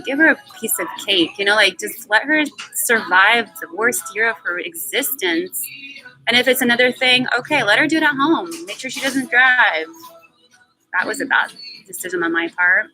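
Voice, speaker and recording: A woman's voice: mid-range voice, bright, forceful tone, low-quality recording. A woman in her twenties speaking in a candid personal monologue on a live stream, emphatic and blunt, swearing freely and repeating words for stress. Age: 20s.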